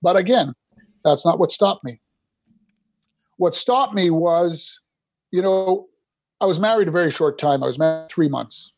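High-voiced man telling his recovery story. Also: lively intonation, a little slow, pauses often, no room sound. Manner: rambling, restarts often. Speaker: podcast guest.

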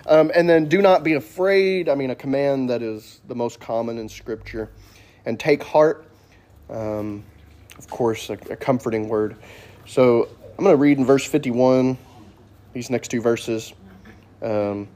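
A man's voice: medium pitch, unhurried, dark tone. A man teaching a casual Sunday Bible class in a church classroom, joking and asking the class questions.

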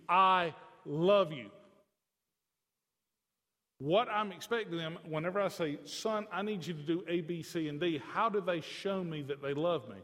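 High-voiced man preaching in a hall. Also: fairly bright tone. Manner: conversational preaching, jokes with the congregation. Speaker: pastor. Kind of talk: sermon.

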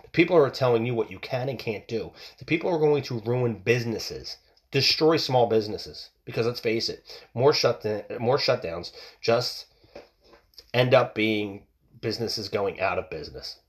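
A man's voice: mid-range voice, animated, normal speed. Blunt, profane ranting man. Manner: blunt, profane, fired-up ranting with many restarts. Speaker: podcast host. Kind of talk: casual opinion rant. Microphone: home mic that picks up outside noise.

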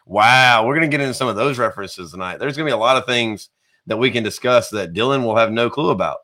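A man's voice: medium pitch, quick pace. Man, live-stream host, rambling, jokey, casual. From American South. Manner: chatty, rambling, jokey shout-outs. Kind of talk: live-stream show hosting.

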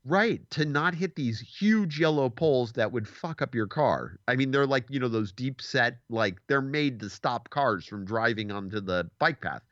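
A man's voice: mid-range voice, normal speed, few pauses, no echo, muffled recording. A man in his forties, a podcast host, telling a story in casual chat and acting out the quotes. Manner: animated storyteller, acts out quotes.

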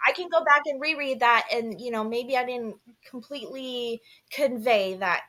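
A woman's voice: a little high, moderate pace, bright, forceful tone. A young woman co-hosting a podcast, talking candidly and earnestly in casual chat, with frequent restarts and fillers. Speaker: podcast co-host.

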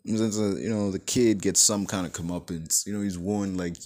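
Deep-voiced excitable man reviewing a movie. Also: a little fast, hardly any pauses. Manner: excitable, profane, full of "like" and "you know". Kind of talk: casual spoken movie review.

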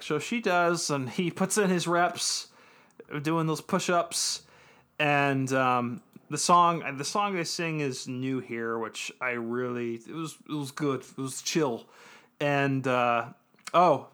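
A man's voice: mid-range voice, steady tone, takes it slowly, bright, forceful tone, smooth. A man on a podcast, casually recapping an episode, rambling with lots of ums and little laughs. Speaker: podcast co-host.

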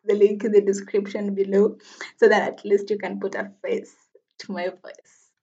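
A woman's voice: medium pitch, flat delivery, moderate pace, warm tone, lo-fi sound. A woman in her twenties hosting her own podcast in casual solo chat, laughing often and poking fun at herself. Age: 20s. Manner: chatty, laughs often, self-deprecating. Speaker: podcast host.

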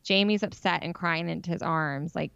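A woman co-hosts a podcast, casually and frankly sharing strong opinions about a TV show while saying "like" constantly. Her voice is fairly low with vocal fry and a fairly bright, clean tone, delivered at normal speed. The recording has no room sound and a lo-fi quality.

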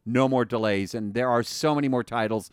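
A man co-hosting a podcast, talking casually and excitedly with many fillers and restarts. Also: medium pitch, brisk, clear, resonant tone, dry recording, clean studio sound. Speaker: podcast co-host.

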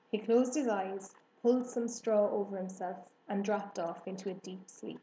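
Mellow-voiced woman reading a storybook. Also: medium pitch, moderate pace, hardly any pauses, roomy sound, low-quality recording. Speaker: audiobook narrator. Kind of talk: children's storybook narration.

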